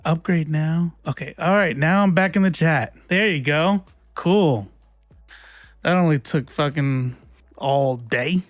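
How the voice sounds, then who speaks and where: A chatty young man hosting a livestream, his voice a touch high and the sound dry and close. He laughs often and swears casually as he talks to viewers, with faint music underneath. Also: takes it slowly, no room sound. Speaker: livestream host.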